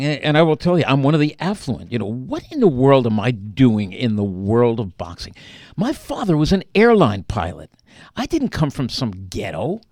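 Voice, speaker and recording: A man telling a personal story as an author being interviewed, animated and acting out the lines he quotes. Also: mid-range voice, no echo, clean studio sound.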